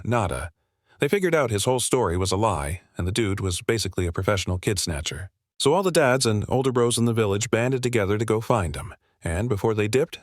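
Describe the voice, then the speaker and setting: Male narrator, low voice, dry close sound, casual slangy recap. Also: no room sound.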